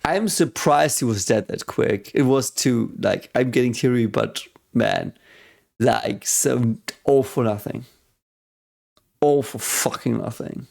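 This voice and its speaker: Gravelly-voiced man reacting excitedly. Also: medium pitch, a little slow. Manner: excitable, swears often, thinks aloud. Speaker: reaction video host. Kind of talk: casual reaction commentary.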